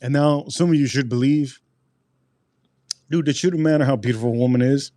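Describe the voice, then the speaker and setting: Animated, profane man telling a story. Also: medium pitch, brisk, dry recording. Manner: animated, profane, repeats himself. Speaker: live-stream host. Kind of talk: live-stream storytelling.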